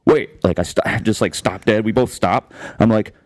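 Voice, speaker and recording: A man, hosting a casual podcast chat and telling rambling, profane stories, acting out shouts. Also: fairly low pitch, moderate pace, dry recording, studio quality. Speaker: podcast host.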